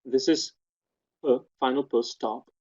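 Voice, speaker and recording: A man's voice: medium pitch, steady tone, a little slow, a little mellow, husky. A man presenting a webinar, methodically explaining sound details in a technical lecture and pointing them out one step at a time. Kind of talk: technical lecture walking through spectrograms. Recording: dull lo-fi webinar audio.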